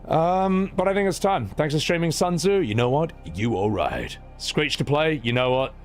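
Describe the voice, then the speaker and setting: Animated male streamer reacting. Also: fairly high pitch, normal speed, soft background music. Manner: animated, exclamatory, stammering restarts. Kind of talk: casual live-stream chat reacting to clips.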